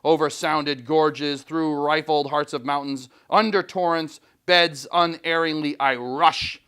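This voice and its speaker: A man reading aloud as a defiant, obsessed old sea captain in a classroom, slow and declamatory. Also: a little high, steady tone, a bit bright, smooth. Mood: grandiose. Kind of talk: dramatic read-aloud in class.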